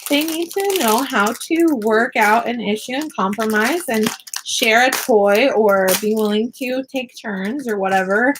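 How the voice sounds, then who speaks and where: Upbeat woman vlogger with a fairly high voice, chatty and laughing easily while crafting at home. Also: measured pace, background noise. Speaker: vlogger and online teacher. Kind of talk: casual chat while crafting. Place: home classroom office.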